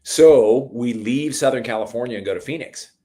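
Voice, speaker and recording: A middle-aged man telling stories in a relaxed conversation, calling the listener "dude" a lot and getting animated at the exciting parts. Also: mid-range voice, moderate pace. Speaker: podcast guest. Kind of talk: casual storytelling chat.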